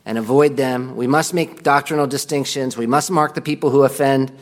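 A man's voice: medium pitch, fairly even intonation, fairly quick. A man teaching a Bible class in a conversational way, reading quotations aloud and commenting on them.

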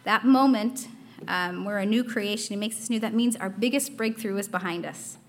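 A woman's voice: mid-range voice, normal speed. A young adult woman giving a casual devotional talk, earnest, reading quotations aloud with frequent fillers.

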